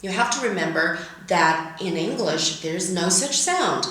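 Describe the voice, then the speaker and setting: Speaking on the low side with lively intonation and a bit of brightness, she models each word deliberately in her English pronunciation lesson, using read-aloud examples. Heavy room echo and a distant mic mark the recording.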